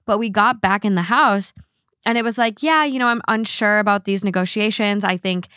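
A woman's voice: mid-range voice, moderate pace, clean tone, no echo, studio quality. Easygoing woman podcast co-host. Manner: relaxed, storytelling, casual swearing. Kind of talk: casual chat.

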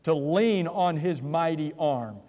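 A man's voice: fairly high pitch, animated, takes it slowly, warm tone. A man preaching an earnest sermon in a church, asking rhetorical questions and often repeating words as he starts a thought. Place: church sanctuary. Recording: long church-hall reverb.

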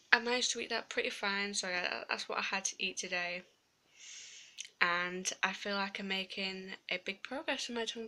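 A woman's voice: medium pitch, pushed and bright. A young woman vlogging casually, speaking with a slight lisp through a swollen tongue. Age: young adult. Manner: chatty, filler-heavy, rambling. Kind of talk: casual vlog.

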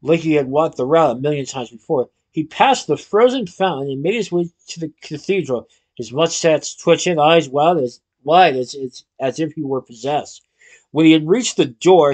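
A man narrating a children's story in an expressive storytelling manner. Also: fairly high pitch, normal speed. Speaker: audiobook narrator. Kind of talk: scripted narration.

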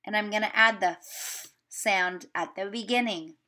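Giving a remote video lesson to young children, a woman teacher slowly sounds out words and encourages them. Her voice is mid-range with a sharp tone.

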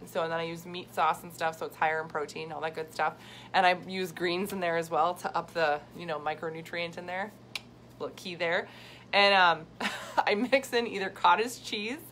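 A woman's voice: mid-range voice, a bit bright. Chatty upbeat woman on a livestream. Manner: chatty, upbeat, laughs often. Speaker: health coach hosting a live video. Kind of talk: casual live chat with viewers. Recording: faint background noise.

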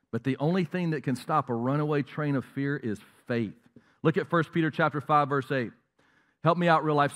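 A male pastor preaching a lively sermon, asking the congregation questions and dropping into mocking voices. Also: a little high, in a large hall. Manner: animated, jumps into mocking voices and asks the crowd questions. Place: large church auditorium.

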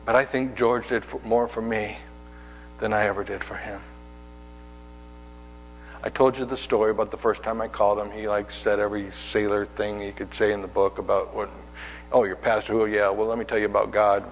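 The recording is rough, with a long reverb tail and slight background noise, as a pastor and hospice chaplain preaches in a church sanctuary. His medium-pitched, slightly bright voice moves at normal speed with fairly even intonation while he tells personal stories conversationally and performs the characters' voices.

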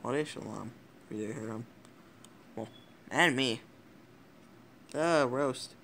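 Teen vlogger, male, gravelly fry, rambly and giggly, swears a lot, mid-pitched. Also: slow, fairly bright tone, slight background noise. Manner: giggly, rambling, swears often, self-interrupting. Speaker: YouTuber. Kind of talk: casual rambling vlog commentary.

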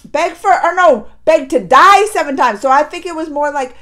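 A woman hosting a reaction video, recapping episodes in a lively, expressive way with frequent laughs and exclamations. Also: sits high, moderate pace.

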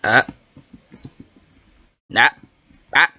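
A gamer giving excitable, rambling commentary while playing, yelping and protesting whenever a trick fools them. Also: mid-range voice, unhurried, long pauses, no echo. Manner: excitable, yelps and protests when fooled; rambling, self-correcting. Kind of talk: Minecraft gameplay commentary.

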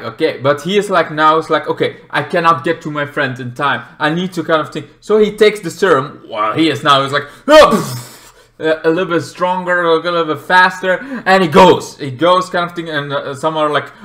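A man recapping a TV episode in a loose, rambling way, leaning on fillers and trailing clauses. His voice is bright and a touch higher than most men's. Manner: rambling, many fillers and restarts, talks in loose run-on clauses. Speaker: show reviewer.

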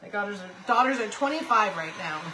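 A woman's voice: medium pitch, expressive, brisk, bright, forceful tone, slight background noise. A woman in her fifties hosting a casual crafting livestream, chatting with viewers and calling to her puppy. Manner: chatty, reads viewer comments aloud, talks to her puppy.

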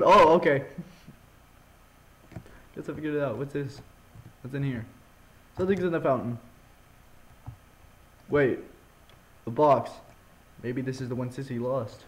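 A man giving casual let's-play commentary on a horror game, excitable, laughing a lot and yelping when scared. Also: on the high side, measured pace, pauses often, rough recording. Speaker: gamer playing a horror game.

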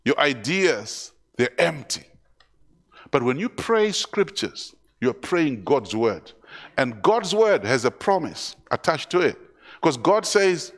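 A male pastor preaching a sermon in church, repeating phrases and calling out to the congregation. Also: a little high. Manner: repetitive, preacherly call-and-response.

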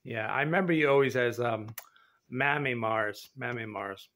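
A man rambling in a casual, goofy vlog from an indoor showroom, laughing often and jumping from quiet mutters to loud high shouts. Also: moderate pace. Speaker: vlogger. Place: indoor showroom with a concrete floor.

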